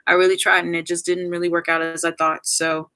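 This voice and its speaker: A young woman talks straight to her viewers in a loose, rambling livestream chat, full of fillers and restarts. Her voice is bright and forward, sitting a bit low for a woman. She is tearful and keeps fighting back crying. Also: little pitch movement, brisk, faint music behind, rough recording. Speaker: YouTuber ending her channel on a livestream. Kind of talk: casual livestream chat, reading viewer comments.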